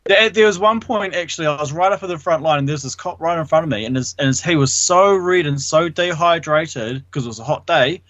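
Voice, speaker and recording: A man's voice: fairly high pitch, a little fast, few pauses, fairly bright tone, no echo. A man, a guest on a radio chat, eagerly telling protest stories with lots of "like". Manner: eager, laughs often, fillers like "like". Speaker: radio show guest, activist. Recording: dull lo-fi line, dry.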